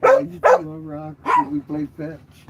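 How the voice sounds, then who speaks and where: An excitable little girl dog, obsessed with her rock, chatters in a high, squeaky baby-talk voice, as a man puts her on. The voice leaps all over the place in pitch. Loud noise sits under the whole recording. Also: a little slow, creaky, heavily acted. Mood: eager.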